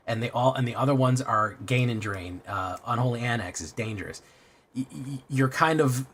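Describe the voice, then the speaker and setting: A man's voice: mid-range voice, slight background noise. A man streaming a card game in casual chat, rambling and self-deprecating, swearing often.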